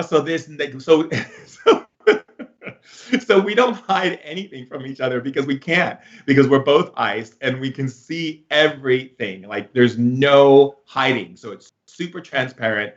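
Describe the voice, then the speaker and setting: A man's voice: medium pitch, unhurried. A man giving a casual spiritual lesson, rambling and full of filler words, recorded slightly muffled. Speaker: spiritual teacher.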